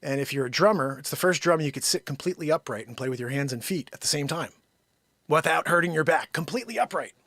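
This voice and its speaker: Rambling, jokey live-stream host, lively pitch. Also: male voice, fast, no room sound, studio quality. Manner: rambling, jokey, shifts between loud bursts and muttered asides. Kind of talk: unscripted live comedy chat. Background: his own intro song playing.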